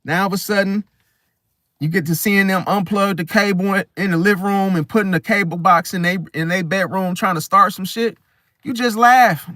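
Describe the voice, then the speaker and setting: A man talking casually to camera as the host of an astrology video, rambling and slangy, restarting his sentences often. His voice sits fairly high for a man. The recording is dry and close, with no room sound. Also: normal speed, a bit bright, dry recording.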